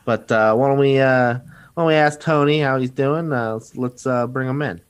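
A man hosting a podcast, joking and laid-back, with frequent pauses and fillers. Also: medium pitch, smooth. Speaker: podcast host. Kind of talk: casual chat.

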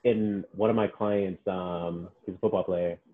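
A personal trainer chats casually on a podcast in a low, unhurried voice. He tells stories animatedly, acting out what his clients said to him, and the recording sounds tinny, like a phone.

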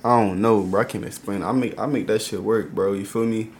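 A man's voice: on the low side, steady tone, fairly quick, slight background noise. A man talking as a podcast guest, a rapper, in slangy, profane casual chat. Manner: slangy, profane, keeps saying "you feel me" and "bro".

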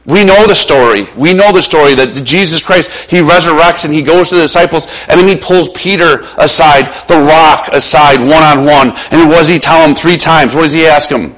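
Male pastor, sermon, slightly high voice, impassioned, hushed lows, a bit strained. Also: moderate pace, hardly any pauses, rough recording. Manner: impassioned preaching, swinging between loud urging and hushed lows.

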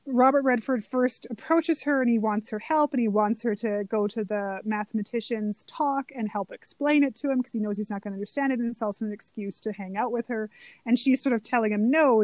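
Woman, high voice, dry recording, casual movie talk, animated scene retelling. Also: fairly quick, no room sound. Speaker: podcast co-host. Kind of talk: casual film chat.

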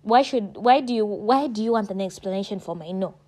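A woman vlogging casually to her viewers, emphatic and preachy, calling them sweetheart and darling and jumping up in pitch to stress her points. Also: a little fast. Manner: animated, jumps high in pitch when stressing points. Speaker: vlogger giving advice. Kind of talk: casual direct-to-camera talk.

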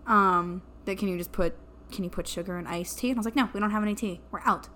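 A woman's voice: mid-range voice, quick pace, pushed and bright. Wry, joking young woman co-host. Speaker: podcast co-host. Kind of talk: casual chat. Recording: faint background noise.

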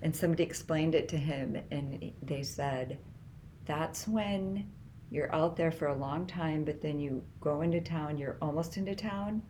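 A middle-aged mother chatting casually with her grown child, telling family stories in a meandering way and getting animated when she quotes people. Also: sits low, moderate pace, slight background noise. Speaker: mother of the other speaker.

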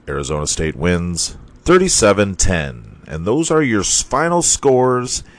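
A man's voice: low-pitched, wildly swooping pitch, measured pace, no echo. A man hosting a sports podcast, reading college football scores in a casual, profane, ranting manner and laughing at his own slips.

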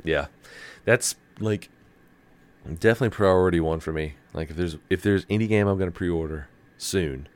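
Man, very low voice, podcast co-host, animated storyteller, casual gaming chat. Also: moderate pace. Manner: animated storyteller, slips into voices when quoting others.

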